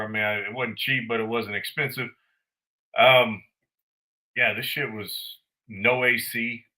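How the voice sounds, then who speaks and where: Male podcast host, casual storyteller, crisp bright tone, swears freely. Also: lowish voice, low-quality recording. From United States. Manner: animated, profane, blunt.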